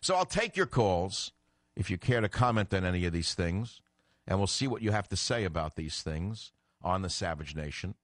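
Older man, talk radio host, low voice, emphatic, indignant, dry close sound. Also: expressive, normal speed, dry recording. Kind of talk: political talk radio commentary.

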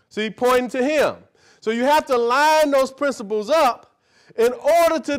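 Here a man with an extremely high, clear, resonant voice preaches at an unhurried pace to a small live group. Folksy in his scripture teaching, he guides a reader through verses, echoes every phrase, asks "see?" and "right?", and runs key words together rhythmically.

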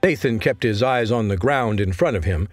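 A man narrating an audiobook as scripted narration, in an expressive storytelling manner. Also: fairly low pitch, normal speed, no echo.

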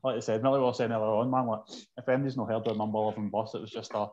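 A man's voice: fairly low pitch, level tone, very fast, darkish tone, muffled recording, slight background noise. A man with an Ayrshire Scottish accent, a podcast guest who tells joking anecdotes. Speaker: podcast guest, former Muay Thai champion. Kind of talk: casual chat.

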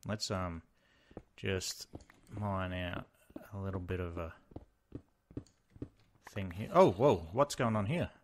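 A young man giving casual gameplay commentary, excitable, exclaiming and muttering to himself as he plays. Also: sits low, slow pace, pauses often, a little hiss or hum. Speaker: Let's Play host.

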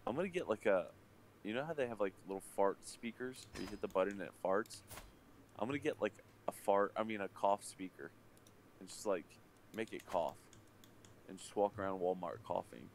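A man's voice: on the low side, lively intonation, brisk, slight background noise. A man streaming live, telling a heated, profanity-filled story in casual chat at his desk microphone. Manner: profane, heated ranting anecdote.

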